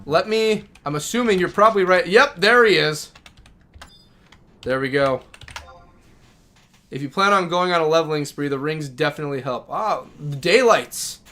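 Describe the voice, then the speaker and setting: A man's voice: fairly high pitch, normal speed, long pauses, pushed and bright. A man streaming a game live, chatting casually and talking affectionately to his dogs. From Minnesota.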